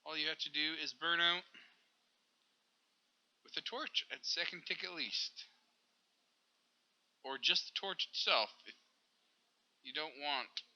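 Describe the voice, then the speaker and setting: A man's voice: a little high, bright, forceful tone, dull audio. A young man casually commenting on his gameplay, rambling and correcting himself as he talks to viewers. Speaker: Minecraft server video host.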